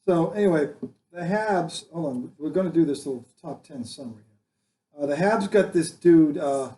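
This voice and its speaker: A man's voice: on the high side, normal speed, mellow. A man hosting a casual sports talk show, rambling and joking with frequent restarts. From Boston area.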